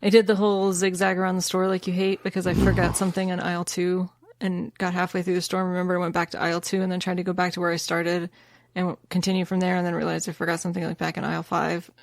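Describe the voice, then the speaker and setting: A woman's voice: lowish voice, monotone, fast talker, no room sound. Chatty woman podcast host. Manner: chatty and self-deprecating. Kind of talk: casual chat.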